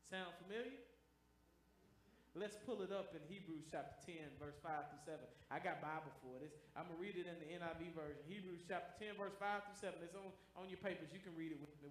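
A male pastor preaching a sermon, calling on the congregation to repeat phrases after him and building to loud, emphatic declarations. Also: a little high, quick pace, roomy sound, poor audio. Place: church sanctuary.

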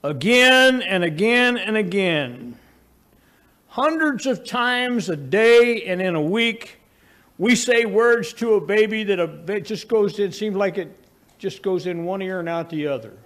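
A man preaching a sermon, telling folksy family stories and moving between raised emphatic lines and low, quiet asides. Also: animated, unhurried.

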